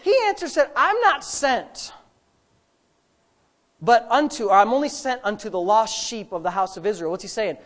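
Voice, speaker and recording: This man's sermon is animated, moving from hushed, low remarks to shouted high points, with emphatic phrases drawn long.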